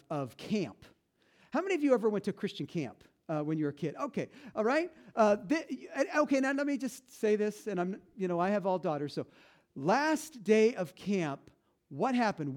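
A man's voice: high-pitched, darkish tone. A middle-aged man preaching a sermon to his congregation in a conversational, joking way, often restarting his sentences. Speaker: pastor. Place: church.

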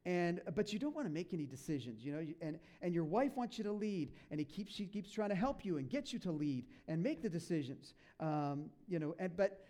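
A pastor preaching a sermon, animated, acting out quoted voices and asides to the congregation. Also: male voice, high voice, brisk, few pauses.

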